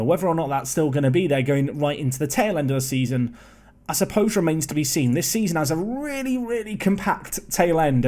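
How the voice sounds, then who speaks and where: A young man giving casual, chatty commentary on a football management game, excitable and prone to rambling asides. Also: mid-range voice.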